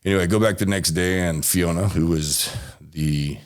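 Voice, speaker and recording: A man's voice: low voice, normal speed. A man from Texas telling a rambling, swearing story as an interview guest.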